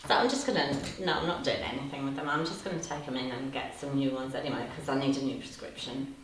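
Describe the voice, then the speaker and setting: A woman's voice: a bass voice, fast talker. A woman in her fifties chatting casually on a livestream, reading out and answering viewer comments, laughing often. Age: 50s. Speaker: livestream host. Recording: echoey room, distant from mic, faint hiss.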